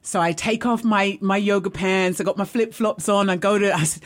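Female host, casual live storyteller, rambling and excitable, average pitch. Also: normal speed, few pauses. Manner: rambling and excitable, often adds "right?".

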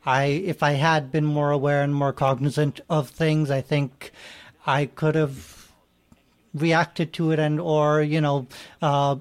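A man's voice: on the high side, flat delivery, slow pace. A man being interviewed as a guest on a talk show, hesitant and often stammering. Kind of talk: radio interview.

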